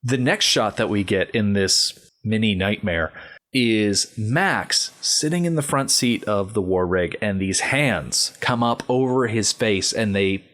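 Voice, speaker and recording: A man hosting a podcast, talking through a film scene in a measured, explanatory way. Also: on the low side, fairly bright tone. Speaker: podcast host. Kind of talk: casual film discussion.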